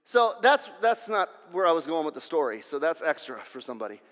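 Brief: excitable male preacher, high voice, reverberant hall. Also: brisk. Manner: restless, repeats words, builds to shouting. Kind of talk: sermon.

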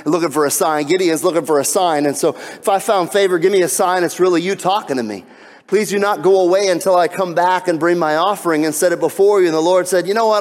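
A man's voice: fairly high pitch, big-room sound. A male pastor preaching a sermon, acting out the voices in the scripture story as he talks. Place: church sanctuary.

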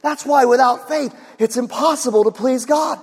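Guy preaching, really high voice, keeps pushing up to shouts, lots of "why?" questions. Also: moderate pace, breathy edge, in a large hall. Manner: emphatic, often rising to shouts, asks rhetorical questions. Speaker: pastor. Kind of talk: sermon.

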